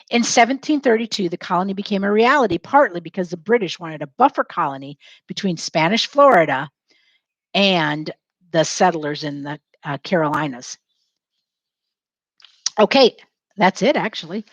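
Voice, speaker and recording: During a lesson, this teacher dictates notes for students to echo phrase by phrase, spells words out loud, and keeps up a lively running chat with herself while working. Her voice is mid-range, and there's no echo.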